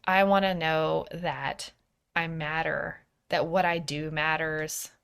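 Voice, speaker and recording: Soft-spoken woman reflecting on a podcast. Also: deep voice, steady tone, slow, creaky, clean tone. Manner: soft-spoken, introspective, slips into whispers. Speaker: podcast host. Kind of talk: personal reflective podcast monologue.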